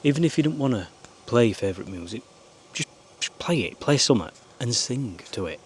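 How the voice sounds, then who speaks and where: With lively intonation and a fairly quick pace, a man in a mid-range voice talks to camera from a small camper van. The vlogger's life advice is rambling and earnest, with occasional swearing, over a little hiss or hum.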